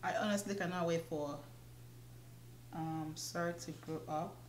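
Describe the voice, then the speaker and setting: Young woman gabbing while doing her makeup, lowish voice, bit of room echo. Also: fairly even intonation, measured pace, slight background noise. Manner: chatty, laughs often. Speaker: beauty vlogger. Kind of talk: casual get-ready-with-me chat.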